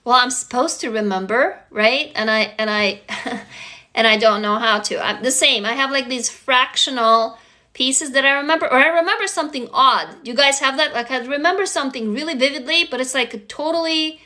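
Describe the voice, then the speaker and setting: A woman from Russia hosting a casual live stream, frank and animated, swearing freely and calling out excited shout-outs to viewers, talking into a phone. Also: high voice, brisk. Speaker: livestream host and writing teacher.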